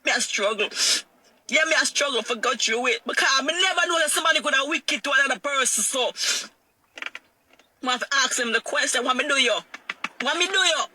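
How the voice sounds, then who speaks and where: A woman's voice: high voice, animated, brisk, sharp tone, slight background noise. A middle-aged woman with a Jamaican accent, telling her own painful story in a raw, emotional way and repeating her phrases. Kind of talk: emotional personal testimony.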